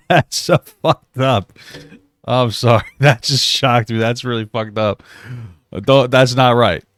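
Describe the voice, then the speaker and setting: A man's voice: medium pitch, takes it slowly, fairly bright tone, dry recording, studio quality. A man reacting live on a stream, laughing often and exclaiming in disbelief as he comments.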